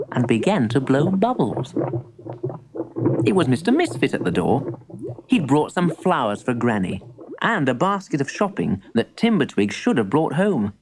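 A woman reading a children's story aloud, an expressive storyteller. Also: very deep voice, noisy background. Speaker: narrator.

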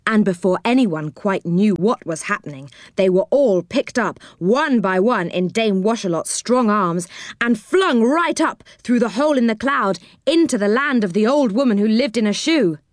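A woman's voice: mid-range voice, animated, normal speed, dry recording, clean studio sound. Woman reading a children's storybook. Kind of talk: storybook narration.

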